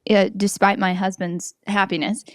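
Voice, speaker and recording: A woman's voice: medium pitch, flat delivery, normal speed, no room sound, studio quality. A woman co-hosting a podcast, chatting casually and telling stories with quoted voices. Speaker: podcast co-host. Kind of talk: casual chat.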